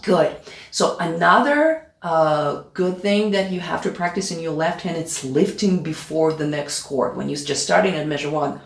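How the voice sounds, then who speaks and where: Piano teacher lady counting out loud, echoey room, piano going loud behind her. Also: low voice, expressive, normal speed, gravelly. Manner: counts beats aloud and checks in with "okay?". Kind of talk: play-along piano tutorial. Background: piano playing.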